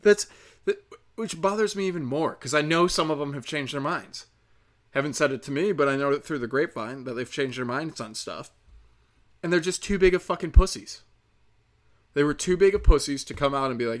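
A man's voice: mid-range voice, normal speed. A young man from the United States hosts a podcast in the middle of an angry rant. He swears constantly and gets worked up in heated, exasperated bursts. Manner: heated, profane, ranting.

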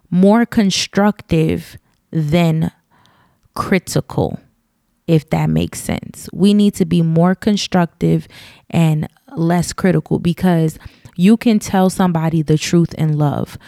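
A woman's voice: lowish voice, steady tone, takes it slowly, gravelly, warm tone, dry recording, clean studio sound. A woman with a light Southern US twang talking in a casual opinion monologue to her listeners. She is chatty and candid, with many ums and asides.

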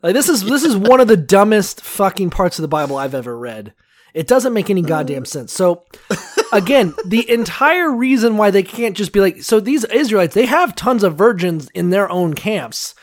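A man co-hosting a podcast in casual, profane, comedic chat, often acting out quick voices. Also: high voice. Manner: animated, swears a lot, acts out voices. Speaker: podcast co-host.

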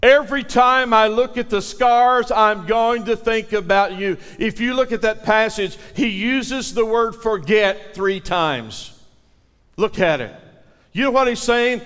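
High-voiced preaching man in a reverberant church. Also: measured pace, fairly bright tone, clean tone. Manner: dramatic preaching, calls on the congregation to repeat lines. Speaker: pastor. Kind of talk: sermon.

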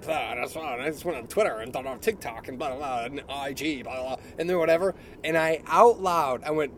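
A man's voice: a little high, slight background noise. A middle-aged man telling a story in casual chat, laughing often and mimicking other people's voices. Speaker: podcast co-host.

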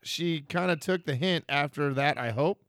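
A man's voice: a little high, normal speed, a bit bright, no room sound, studio quality. A man co-hosting a podcast, telling stories in a casual, profane chat. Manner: profane, storytelling. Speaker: podcast co-host.

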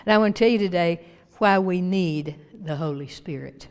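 A woman pastor preaching a sermon to her church with emphatic swings in pitch and volume. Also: normal speed. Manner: emphatic preaching with big rises and drops in pitch and loudness. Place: church sanctuary. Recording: long reverb of a church hall.

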